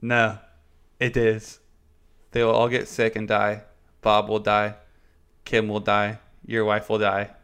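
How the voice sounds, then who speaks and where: A man putting on an Irish accent to play a grim, deadpan figure warning of doom. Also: fairly low pitch, takes it slowly, pauses often, clean tone. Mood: ominous. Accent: Irish (put on).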